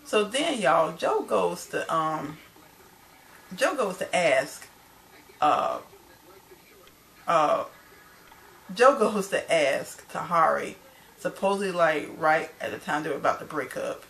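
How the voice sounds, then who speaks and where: Chatty woman with a gravelly voice. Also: low voice, big pitch swings, slow pace, long pauses, fairly bright tone, slight background noise. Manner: chatty, loose, addresses viewers as y'all. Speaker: TV show recapper. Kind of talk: casual spoken recap.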